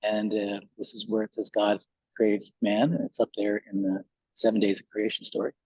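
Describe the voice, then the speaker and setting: A man's voice: on the low side, flat delivery, moderate pace, slightly rough, muffled recording. A male pastor giving a casual, conversational sermon in a church, with loose fillers.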